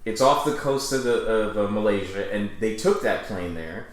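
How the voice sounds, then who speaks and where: A man's voice: fairly low pitch, moderate pace. A man co-hosting a comedy podcast, rambling through conspiracy jokes and laughing often. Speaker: podcast co-host. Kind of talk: casual comedy chat. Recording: very echoey room.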